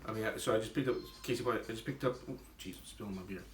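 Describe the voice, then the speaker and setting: Rapid-fire and fairly low in pitch, a man talks through a tasting of his own homebrewed beer in a casual vlog. He rambles, leans on fillers and keeps making fun of himself. He's recorded from a distance, and the audio is roomy and noisy.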